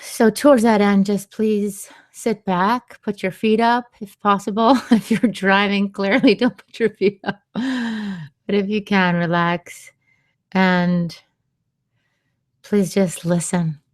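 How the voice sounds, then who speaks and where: A woman hosting a radio show on sound healing, talking gently and unhurriedly, with soft laughs and quiet asides. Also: medium pitch, fairly even intonation, takes it slowly, no room sound, clean studio sound. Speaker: radio show host and vocal sound healer. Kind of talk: slow, soothing radio talk.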